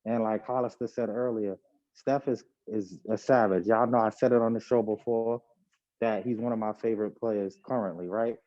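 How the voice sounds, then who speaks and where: A man co-hosting a podcast, giving his take on basketball in a measured, casual way, often checking in with "right?". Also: fairly even intonation, warm tone, no echo. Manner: measured, hedging with "right?" and "you know". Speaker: podcast co-host. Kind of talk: casual sports debate. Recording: dull low-fi home podcast audio.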